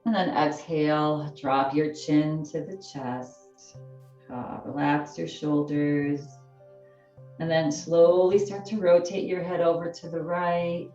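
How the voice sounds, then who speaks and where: A woman leading a gentle chair yoga class, giving soft, slow, soothing cues for breathing and stretching. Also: low-pitched, steady tone, echoey room, far from the mic, muffled recording, soft background music.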